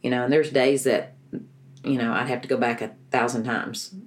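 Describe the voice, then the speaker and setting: A middle-aged woman with a very deep, steady voice speaks at a moderate pace as an interview guest. She tells her personal story earnestly and emotionally, often restarting her sentences.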